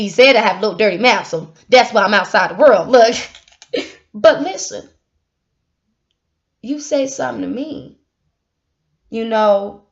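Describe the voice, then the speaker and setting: A young woman giving a casual spiritual monologue, animated and preachy, swinging from loud outbursts to hushed asides. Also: on the high side, vocal fry, highs cut off. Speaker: speaker.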